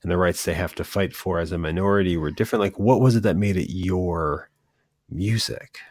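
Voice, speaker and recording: A middle-aged man co-hosting a podcast, chatting casually and asking quick follow-up questions. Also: low voice, darkish tone, dry recording, studio quality. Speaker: podcast co-host. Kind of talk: casual chat.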